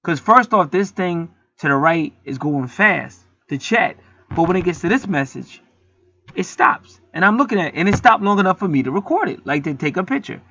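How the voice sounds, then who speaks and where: Gravelly, heated man ranting. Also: high voice, animated, normal speed, bright, forceful tone. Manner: heated, profane, preachy. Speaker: channel host. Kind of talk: casual rant to camera. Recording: dull lo-fi dry sound.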